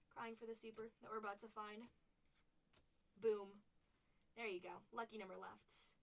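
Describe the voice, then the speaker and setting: Woman host for a card break stream, high and bright, excitable and jokey. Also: normal speed, far from the mic, slight background noise. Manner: excitable, joking, gushing over cards. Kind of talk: live card-opening stream. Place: streaming studio under stage lights.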